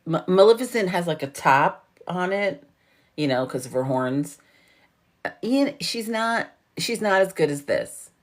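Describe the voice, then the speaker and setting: A woman in her forties with a New York accent hosts a relaxed morning livestream from home, her voice sitting low for a woman. She talks straight into a phone or webcam, chatty and loose, swearing freely and throwing herself into animated storytelling. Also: a little slow. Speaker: livestream host. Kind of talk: casual morning livestream chat.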